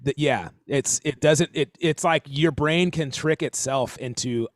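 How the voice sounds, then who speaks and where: A man's voice: fairly high pitch, unhurried, no echo, studio quality. A man hosting a casual drum stream, rambling and self-correcting as he explains accents and counts beats aloud over a video call. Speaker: drum teacher and stream host.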